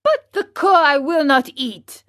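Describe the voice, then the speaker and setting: Whiny, fussy wooden puppet boy, high and slow, read by a woman. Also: big pitch swings, fairly bright tone, dry recording, studio quality, exaggerated voice. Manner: petulant, whiny.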